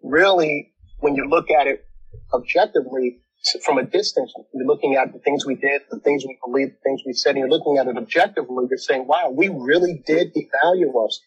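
A man's voice: mid-range voice, brisk, slightly rough, highs cut off. A man in his forties or older, reflective and a little sarcastic, talking through his past church years in casual conversation and often repeating words as he builds a point.

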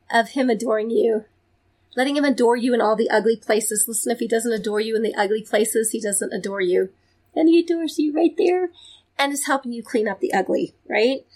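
A middle-aged woman giving informal devotional teaching, exuberant and playful, dropping into soft asides. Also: high voice. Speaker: Christian teacher, podcast host.

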